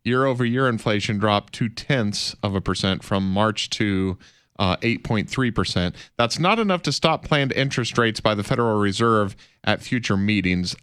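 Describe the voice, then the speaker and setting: Low-voiced radio co-host, dry sound. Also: male voice, expressive, moderate pace, fairly bright tone, clean tone, no room sound. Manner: short quips and agreeing interjections. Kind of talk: reading news intro, then banter.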